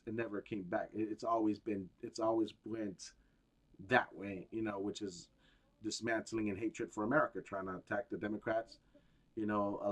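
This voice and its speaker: A man on a gaming stream ranting about politics, heated, profane and rambling. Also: lowish voice.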